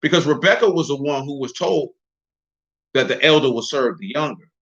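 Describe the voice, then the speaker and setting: A man preaching a sermon, teaching scripture in an animated, emphatic, conversational way. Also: mid-range voice, normal speed. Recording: dull lo-fi recording.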